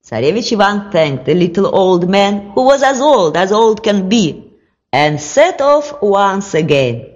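A storyteller reading a fairy tale aloud in a slow, expressive way. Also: medium pitch, long reverb tail, lo-fi sound.

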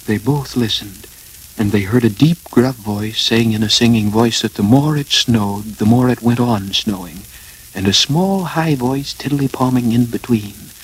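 A man reading a children's story aloud in an even, gentle narration. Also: medium pitch, a little slow, breathy edge, low-quality recording.

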